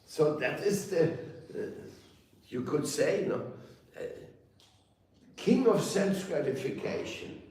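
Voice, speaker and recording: A man giving a sermon as a spiritual teacher, telling stories playfully with laughter and quick mock voices. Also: a little high, expressive, a little mellow, slight background noise. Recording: roomy echo, heard from a distance.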